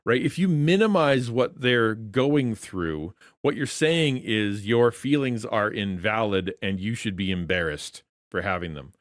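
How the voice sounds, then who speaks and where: A man's voice: on the low side, no room sound, clean studio sound. A man coaching content creators in a conversational teaching session, earnest in tone, often restarting words and asking rhetorical questions.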